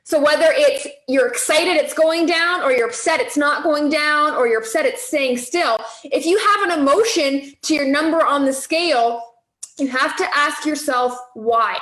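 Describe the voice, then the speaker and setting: A high-pitched woman coaches a group through weight loss in an easy, chatty way. She keeps asking "okay?" and "right?" to check that everyone follows. Her voice rings in an echoey room. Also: moderate pace, a bit bright.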